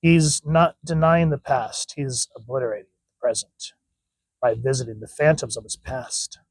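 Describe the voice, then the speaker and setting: A man's voice: medium pitch, moderate pace, no echo, lightly acted. A man reading the lines of a grave, guilt-ridden older male psychic mentor, in a solemn, confessional way, close to his own voice.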